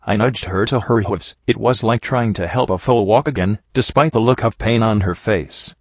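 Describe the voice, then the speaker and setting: A man reading a first-person story aloud in a steady, grim way. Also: lowish voice, moderate pace, no room sound. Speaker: audiobook reader. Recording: dull lo-fi recording.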